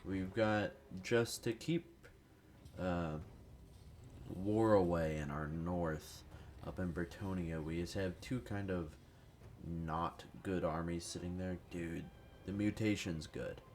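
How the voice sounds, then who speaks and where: A man's voice: low-pitched, takes it slowly, darkish tone, slight background noise. A man who is sick, giving rambling, profane, casual commentary over strategy gameplay. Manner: rambling, profane, self-deprecating. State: sick with a cold. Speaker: gaming youtuber.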